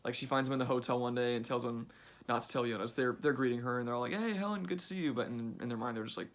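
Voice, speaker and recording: A man's voice: mid-range voice, level tone, rapid-fire. A young man giving a casual summary of a book he read, chatty and full of fillers like "like" and "uh".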